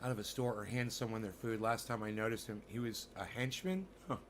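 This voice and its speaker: A man livestreaming and chatting with his viewers, swearing freely and ranting between long filler pauses. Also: on the low side, steady tone, slight background noise. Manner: profane, ranting, full of fillers. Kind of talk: casual livestream chat.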